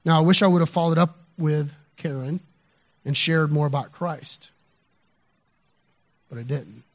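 A man with a fairly high voice preaches by telling a personal story. He talks in a loose, conversational way, with fillers and restarts. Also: unhurried. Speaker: pastor. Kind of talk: storytelling sermon.

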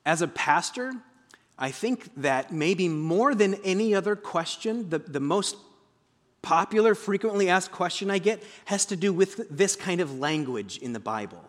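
A man preaching a sermon as pastor, conversational, breaking into booming dramatic quotations. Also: animated, measured pace. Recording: long hall reverb.

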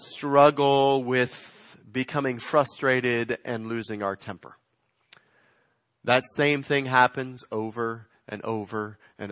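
A man preaching a sermon, swinging between loud emphatic lines and quiet, slowed phrases. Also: medium pitch, no echo, clean studio sound. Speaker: pastor.

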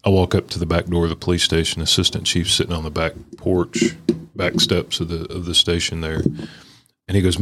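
A man hosts a podcast in a low voice. He talks plainly and bluntly, dropping casual slang as he tells his own story. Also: little pitch movement, brisk, a bit bright. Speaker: podcast host. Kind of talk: casual conversation.

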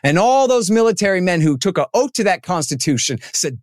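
A man as an interview guest, talking in an animated, emphatic way and acting out the people he quotes. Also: high-pitched, fairly quick, no room sound, studio quality. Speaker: podcast guest, antiwar writer. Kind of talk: casual interview talk.

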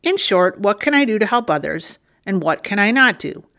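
A woman reading a listener's letter aloud on a podcast, with clear, even delivery. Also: medium pitch, normal speed. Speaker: reader of listener emails.

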